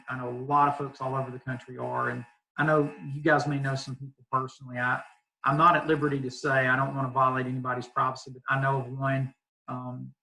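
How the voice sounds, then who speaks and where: A youth pastor from Southeast Arkansas with a Southern accent, talking easygoingly on a video call, laughing often and leaning on fillers. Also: male voice, mid-range voice, gravelly, bright, forceful tone, poor audio. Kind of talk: casual video call chat.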